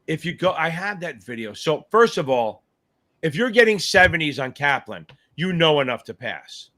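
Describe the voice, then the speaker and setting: Lively, profane man hosting a live Q&A. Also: fairly high pitch, moderate pace. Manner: animated, profane, hypes up viewers; scattered, thinks aloud while reading comments. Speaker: exam tutor hosting a live Q&A. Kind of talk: casual livestream chat.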